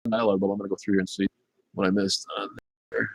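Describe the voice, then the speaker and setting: Man, fifties, stream host; low voice, casual and rambling, dry sound. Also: quick pace, no room sound. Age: 50s. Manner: relaxed, rambling, with many fillers. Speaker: livestream host reading chat. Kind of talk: casual livestream chat.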